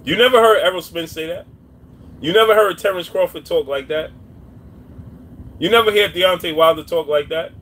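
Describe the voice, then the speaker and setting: A man doing boxing commentary on a live stream, talking casually and repeating his points while shouting out viewers' names. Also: high-pitched, moderate pace, pauses often. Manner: repetitive, shouts out chat names.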